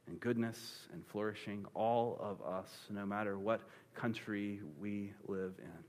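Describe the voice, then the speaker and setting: A man preaching a sermon, retelling a scripture story in a lively, joking way with comic asides. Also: lowish voice, measured pace, hardly any pauses. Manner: animated, playful storytelling with dad-joke humor. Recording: long reverb of a large hall.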